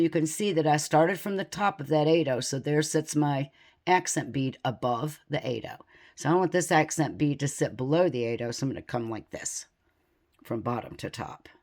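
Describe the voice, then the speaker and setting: Low-voiced woman teaching beadwork. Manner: calm, methodical, counts beads aloud. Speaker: beading instructor. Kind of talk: step-by-step craft tutorial.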